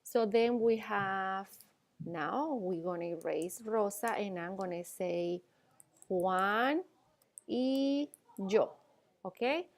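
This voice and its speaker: A patient Spanish teacher lectures her class in a medium-pitched, slightly mellow voice. She explains slowly and keeps checking in, asking "okay?" and "all right?" often.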